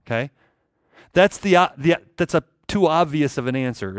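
A man's voice: a little high, animated, moderate pace, no room sound, clean studio sound. A man preaching a sermon, emphatic and repeating key phrases for weight. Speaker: pastor.

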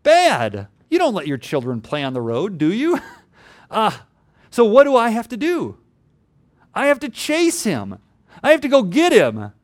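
Lively, earnest preaching man. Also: measured pace. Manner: earnest preaching, rising to emphatic peaks then dropping low. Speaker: pastor. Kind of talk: sermon.

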